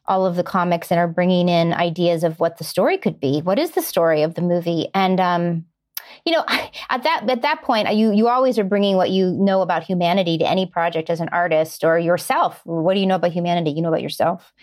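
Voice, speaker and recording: A woman's voice: on the low side, brisk, a little mellow. A middle-aged woman, a screenwriter, answering interview questions in an earnest way and explaining her ideas through everyday examples. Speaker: screenwriter guest.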